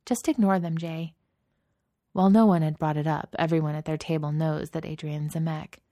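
A woman's voice: low voice, steady tone, brisk, warm tone, no echo, studio quality. A woman narrating a story aloud, lifting her voice slightly for the characters' lines. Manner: reads dialogue in lightly raised voices. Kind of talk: audiobook narration.

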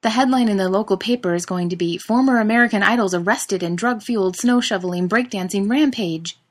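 A woman's voice: moderate pace, lightly acted. A woman reading a story and voicing a theatrical young man who complains dramatically, in a raised voice. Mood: anxious. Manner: exaggerated complaining, higher and louder.

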